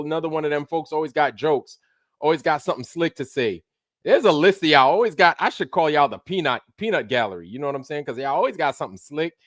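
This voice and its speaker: A man's voice: a little high, fairly bright tone, dry recording, clean studio sound. Loose, profane New man. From Brooklyn, New York. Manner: loose and profane, drops into put-on voices. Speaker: livestream host. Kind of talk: casual livestream chat greeting viewers.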